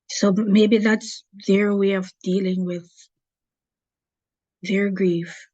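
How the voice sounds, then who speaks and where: A woman's voice: mid-range voice, little pitch movement, takes it slowly, long pauses, dark tone, dry recording. A woman speaking hesitantly and earnestly, sharing personal experience in a meeting over a video call. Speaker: committee meeting participant. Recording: dull lo-fi audio.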